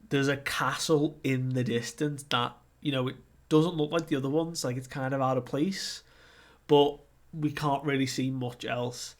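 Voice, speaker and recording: A man casually recapping a manga chapter, animated and often laughing, with lots of fillers. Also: mid-range voice, normal speed. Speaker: manga reviewer. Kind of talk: casual recap with acted quotes.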